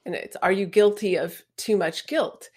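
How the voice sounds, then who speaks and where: A woman's voice: mid-range voice, normal speed, darkish tone, slightly rough. A woman co-hosting a podcast, chatting with humor and acting out little exchanges. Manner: chatty, humorous, acts out quotes. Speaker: podcast co-host and writer. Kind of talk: casual conversational chat.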